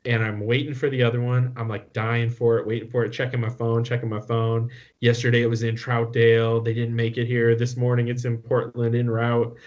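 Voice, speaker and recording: Man, podcast co-host, casual profane storytelling, average pitch, dull lo-fi sound. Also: completely flat delivery, brisk, a little mellow. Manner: exasperated, profane rant storytelling; pitch jumps up when worked up. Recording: muffled lo-fi podcast audio.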